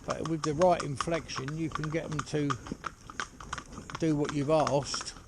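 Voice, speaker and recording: A horse trainer talking casually outdoors while driving a pony cart, rambling and chatty with lots of "you know". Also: male voice, fairly high pitch, steady tone, a little slow. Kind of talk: casual spoken instruction while driving ponies. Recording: loud hoof clatter and outdoor noise.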